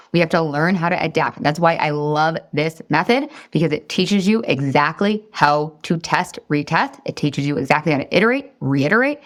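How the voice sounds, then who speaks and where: A woman in her forties, a weight loss coach, teaching a live online class in an energetic, chatty, encouraging way that jumps into high excited outbursts.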